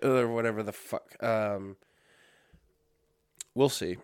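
A man's voice: mid-range voice, sing-song, moderate pace, no echo. Rambling, swearing male podcast host, dry sound. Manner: rambling, self-correcting, with frequent fillers and swearing. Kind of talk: casual solo podcast talk. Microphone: dusty podcast microphones.

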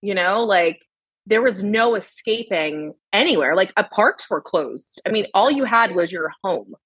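A woman's voice: medium pitch, animated, a little slow, a bit bright, breathy edge, no echo, highs cut off. A woman in her thirties, a podcast guest, talking candidly about motherhood with lots of fillers and casual swearing. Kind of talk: casual chat.

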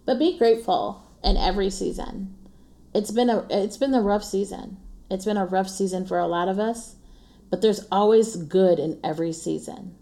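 A woman's voice: medium pitch, normal speed, dark tone. A woman, hosting an earnest, encouraging faith-based monologue in a casual tone, often laughing and repeating her refrains. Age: 40s. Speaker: podcast host.

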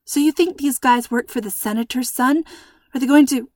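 A woman's voice: high voice, moderate pace, no echo, clean studio sound. A woman voicing a frightened young girl in a storybook reading, asking breathless, pleading questions. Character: frightened young girl, kidnapped with her father.

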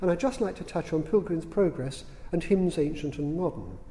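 A man lectures to an audience in a large hall, dry and witty, pausing on the odd "um." His voice sits a little high for a man yet sounds mellow and warm. A long reverb trails each phrase. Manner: dry, witty, unhurried, with fillers. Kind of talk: public lecture.

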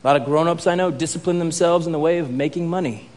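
A man preaching a sermon as pastor in a church hall, with a conversational, animated way of telling stories. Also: a little high, fast talker.

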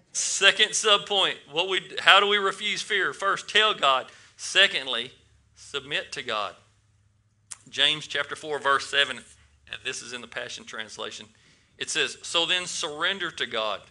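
A man's voice: mid-range voice, bright, forceful tone. A man preaching a casual sermon to a congregation, asking them questions and often repeating his words.

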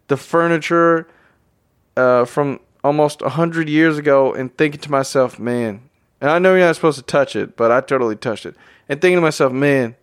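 A man's voice: fairly high pitch, clear, resonant tone. A man hosting a motivational podcast, talking energetically and repeating phrases for emphasis while addressing his listeners as guys. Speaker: podcast host. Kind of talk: motivational monologue.

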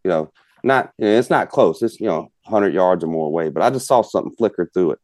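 A guest hunter tells a long, folksy hunting story fast and expressively in a low, darkish voice. He rambles and fills with "you know" constantly, and the sound is close and dry with no room noise.

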